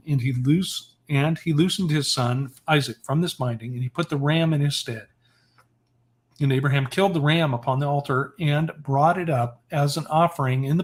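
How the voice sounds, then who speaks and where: A man reading scripture aloud, measured. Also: medium pitch. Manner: steady, measured reading with occasional self-corrections. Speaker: scripture reader.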